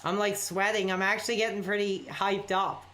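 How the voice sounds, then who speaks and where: A man's voice: high-pitched, flat delivery, moderate pace, bright, forceful tone. Man streamer, casual late-night chat, rambling and apologetic, reading and reacting to viewers. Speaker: live streamer.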